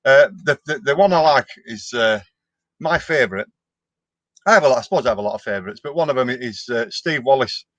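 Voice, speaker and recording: A man's voice: medium pitch, lively intonation, a little fast, fairly bright tone, no room sound. A middle-aged man, chatting casually on a live stream as he answers viewer comments, with a down-to-earth manner and frequent restarts. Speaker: vlogger hosting a live stream.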